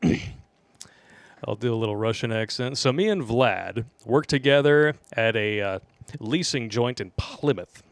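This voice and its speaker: A man's voice: mid-range voice, measured pace, no room sound. A man hosting a casual live show, reading listener emails aloud in a laid-back way with many fillers. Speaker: podcast host.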